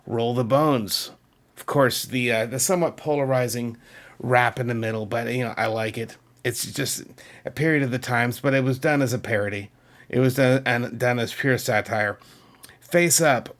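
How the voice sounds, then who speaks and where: A man's voice: mid-range voice, fairly bright tone. A middle-aged man from Massachusetts chatting to camera about his music collection, enthusiastic and rambling, with frequent asides to viewers. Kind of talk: casual chat to camera.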